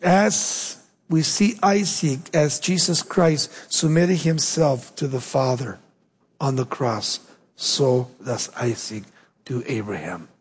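A man preaching a sermon with emphatic delivery, dropping low and slow to stress key points. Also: slightly rough, big-room sound. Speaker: pastor.

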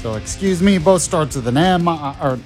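A man's voice: a little high, animated, normal speed, a little mellow, faint music behind. A man hosting a talk radio show, chatty and laughing often. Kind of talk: casual talk radio chat.

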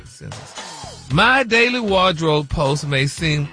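A man's voice: fairly high pitch, lively intonation, takes it slowly, sharp tone, faint music behind. A man on a radio morning show who chats casually, laughs often and stumbles through spelling a word. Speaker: regular segment host on a radio morning show.

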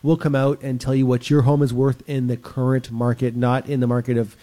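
A man hosts a weekend radio show from the studio, speaking in a warm, dark tone. He rambles casually and fills pauses with "uh". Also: medium pitch, little pitch movement. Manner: chatty, lots of filler words. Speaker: radio show host and real estate broker. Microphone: studio microphone.

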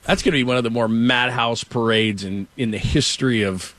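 A man's voice: mid-range voice, fairly quick, fairly bright tone, dry recording. Dry-sounding middle-aged sports talk man. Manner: rambling storyteller, acts out quotes. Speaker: sports radio host.

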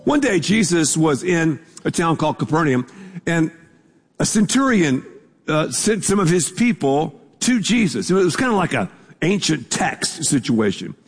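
Pastor guy preaching, kinda high and husky voice, chatty with lots of asides, big echoey church hall. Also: big pitch swings, unhurried. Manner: casual, conversational preaching with repetition and asides. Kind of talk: sermon. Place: church sanctuary with screens. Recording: long hall reverb from a large room.

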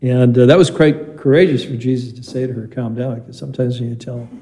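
A man's voice: medium pitch, fairly even intonation, brisk, mellow, low-quality recording. A man, a priest, reading the Gospel and giving a conversational homily with stories in a church. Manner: conversational preaching with anecdotes. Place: church or chapel.

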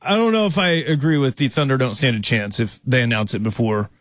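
A man's voice: mid-range voice, brisk, fairly bright tone, no room sound, clean studio sound. A man co-hosting an afternoon sports radio show, chatting loosely and poking fun at his own mistakes. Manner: loose, self-deprecating, laughs easily. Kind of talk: casual sports radio banter.

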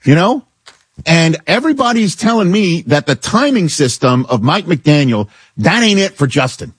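Male sports-radio host, opinionated and incredulous, slightly high voice. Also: moderate pace, slightly rough, no echo, clean studio sound. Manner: animated, incredulous, riffing with co-hosts. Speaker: sports talk show host.

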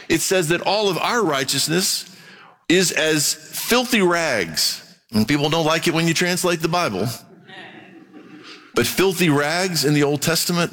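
Animated middle-aged male preacher. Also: on the high side. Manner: animated, dramatic preaching with sudden rises. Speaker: pastor. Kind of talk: sermon.

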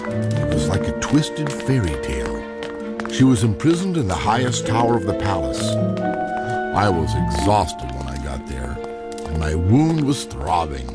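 A man's voice: low voice, very animated, unhurried, over loud music. A man narrating a first-person radio drama as a weary new king and speaking his lines. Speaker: narrator and lead character.

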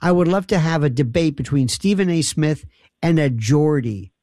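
A man's voice: a little high, expressive, moderate pace, darkish tone, dry recording, studio quality. A man hosting a late-night call-in radio show, teasing callers in a rambling, mock-bewildered way. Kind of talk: bantering call-in radio talk.

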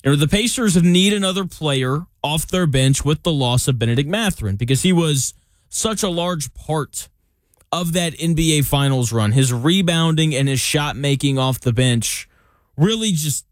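Slightly high-voiced male sports talk host. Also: animated, moderate pace, no echo. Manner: opinionated, conversational, with jokey asides. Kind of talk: casual sports talk commentary.

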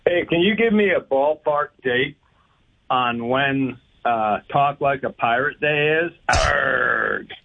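A man's voice: medium pitch, measured pace. A man calling into a radio show and telling a story in a chatty, hesitant way, with many fillers. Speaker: radio caller. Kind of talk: casual anecdote over the phone. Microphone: telephone. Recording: tinny phone line.

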